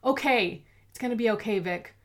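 A woman's voice: a little high, normal speed, voice pushed up, natural voice. A woman voicing a defiant, determined young heroine who speaks firmly.

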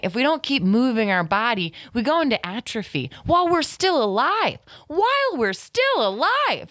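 A young adult woman hosting a comedy podcast, with an animated monologue and playful banter. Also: medium pitch, no room sound, clean studio sound. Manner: animated, does silly voices for her body parts. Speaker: podcast host.

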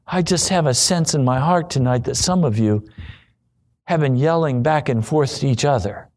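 A man preaching a sermon, acting out pleading prayers and quoted voices, then dropping low for repeated refrains. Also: moderate pace, darkish tone.

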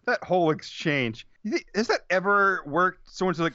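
A man's voice: sits high, lively intonation, normal speed, sharp tone, no room sound, highs cut off, soft background music. A man co-hosting a podcast, ranting about a movie scene with incredulous, profane disbelief and stumbling restarts. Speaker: podcast co-host. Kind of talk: casual movie discussion.

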